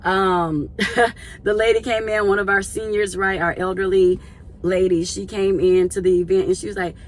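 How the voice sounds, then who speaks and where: A woman and church volunteer telling a casual story to her viewers in a chatty, animated way. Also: mid-range voice, moderate pace.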